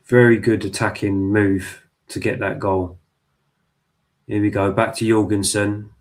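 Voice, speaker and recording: Excitable sweary man, lowish voice. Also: a little slow. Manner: excitable, swears a lot, talks to the players and ref. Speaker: football fan streamer. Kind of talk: live match watch-along commentary.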